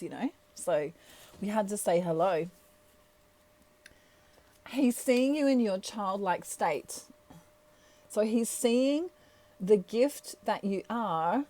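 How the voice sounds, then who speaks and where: A woman's voice: mid-range voice, warm tone. A woman chatting playfully through a tarot reading, laughing often as she talks. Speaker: tarot reader. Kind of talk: casual tarot reading monologue.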